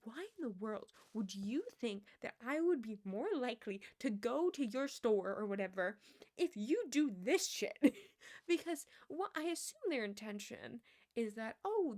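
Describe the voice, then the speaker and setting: A woman's voice: a little high, darkish tone. A young woman streamer telling a rambling story in casual chat, laughing often and filling her talk with "like".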